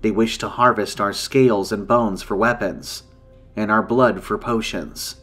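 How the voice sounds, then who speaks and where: A man's voice: lowish voice, fairly even intonation, fairly bright tone, faint music behind. A man voicing a solemn ancient dragon woman. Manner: solemn, measured, formal speech. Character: ancient grave female dragon in human form. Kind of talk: storytelling.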